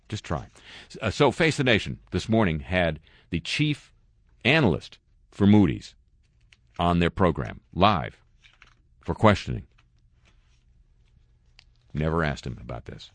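Sardonic low-voiced male radio host. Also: big pitch swings, unhurried, pauses often, no echo. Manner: sardonic, dry asides. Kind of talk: satirical news commentary. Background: music under the voice.

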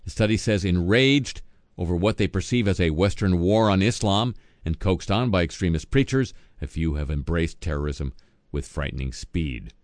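Low-voiced sardonic man reading satirical news. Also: expressive, normal speed, a little mellow, no room sound, studio quality. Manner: sardonic, wisecracking asides. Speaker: radio news host.

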